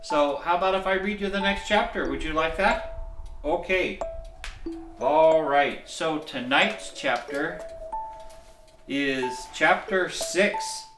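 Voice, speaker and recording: A man in the role of Santa, reading a bedtime story in a gentle, chuckling, folksy way. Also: a little high, slow. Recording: echoey room, mic at a distance, soft music.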